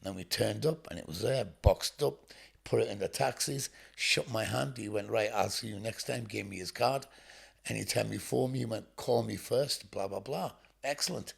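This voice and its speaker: Gravelly man telling blunt stories. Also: fairly low pitch, normal speed. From England. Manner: blunt, swearing, acts out dialogue. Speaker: podcast guest. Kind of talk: storytelling interview.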